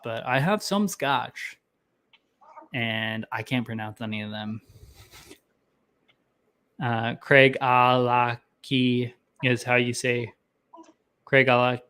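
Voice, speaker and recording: A man's voice: mid-range voice, lively intonation, slow, long pauses, bright, forceful tone. A young man hosting a casual whiskey tasting chat, rambling and self-deprecating, with lots of fillers. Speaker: whiskey tasting show host.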